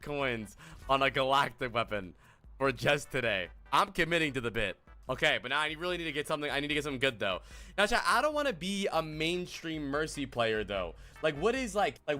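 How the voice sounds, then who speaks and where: A man streaming a game, talking casually and excitedly to his chat, joking and swearing as he plays. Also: medium pitch. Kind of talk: casual gaming livestream chat.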